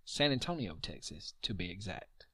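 A man co-hosting a podcast, casually talking through a mystery case in an animated way and cursing now and then. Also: sits low, moderate pace, breathy edge, no echo. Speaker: podcast co-host. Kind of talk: casual true-crime chat.

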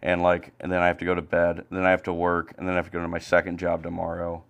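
A young man co-hosting a podcast, ranting angrily and profanely about baseball, swinging between loud outbursts and low mutters. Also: completely flat delivery, racing, vocal fry, clear, resonant tone. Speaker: podcast co-host. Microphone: home streaming mic.

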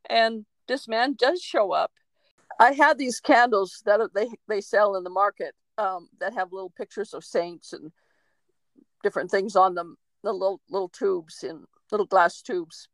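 A woman co-hosting a podcast, a medium telling a story in a lively, chatty way with laughs and acted-out quotes. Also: mid-range voice, normal speed, no room sound, rough recording. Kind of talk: casual storytelling chat.

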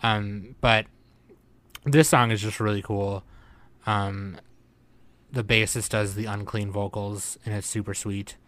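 A man's voice: on the low side, steady tone, slow pace, pauses often, a bit bright, no echo. A young man hosting a podcast in casual chat, loose and profane, often laughing. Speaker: podcast host.

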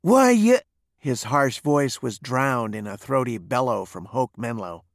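A man reading a western novel aloud in a steady storytelling manner. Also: medium pitch, a little slow, gravelly, no echo, clean studio sound. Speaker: narrator.

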